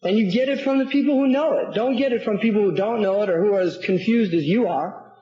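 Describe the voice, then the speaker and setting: A man's voice: high voice, quick pace. Sarcastic man lecturing in an echoey hall. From United States. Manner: animated, sarcastic, repeats words while building a point. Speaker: Islamic scholar and lecturer. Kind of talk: public lecture with audience questions. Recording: roomy, dull lecture hall recording.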